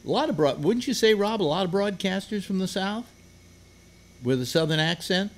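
A man's voice: sits high, animated, normal speed. An older man hosting a casual group chat, rambling with many fillers and restarts. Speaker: radio host.

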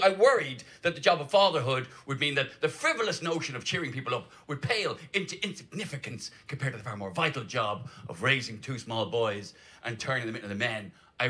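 A man in his forties builds a wordy, mock-earnest stand-up bit. His voice is bright and tense, with a lively, swinging pitch. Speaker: stand-up comedian. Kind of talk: stand-up routine. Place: comedy club stage with live audience.

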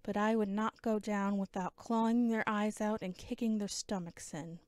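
A woman narrating a fantasy novella chapter in first person, with a measured, dramatic reading. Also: mid-range voice, steady tone, darkish tone, clean tone, no echo, studio quality. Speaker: audiobook narrator.

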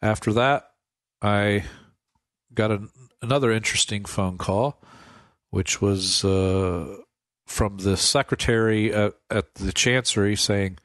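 A man, a priest, telling stories from his life in a relaxed radio interview, laughing often and acting out the voices of people he quotes. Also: fairly low pitch, slow pace, no room sound, studio quality. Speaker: priest guest. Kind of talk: casual storytelling interview.

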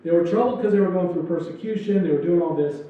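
Speaking quickly in a high voice, a man preaches as pastor in a church sanctuary, loose and joking with acted-out asides. It was recorded with a distant, dull mic in an echoey church hall.

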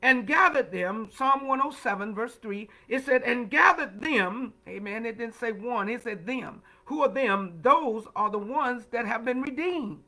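A man's voice: very high voice, animated, a little slow, few pauses, pushed and bright, low-quality recording. A man leading a livestreamed Bible study as pastor, preaching in call-and-response style with frequent "amen" and "huh?", repeating words and greeting viewers by name. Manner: repeats words, stammering restarts.

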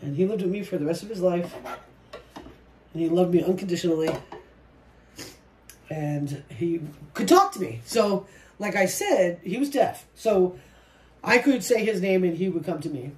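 A woman vlogger chatting casually while she paints, soft-spoken and reflective, often trailing off mid-sentence. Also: on the low side, lively intonation, moderate pace, pauses often. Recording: roomy echo with faint noise.

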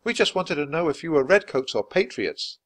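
A man's voice: a little high, sing-song, fairly quick, fairly bright tone, voice pushed up. A man voicing a careful, earnest young boy in a storybook reading, with a slightly anxious manner.

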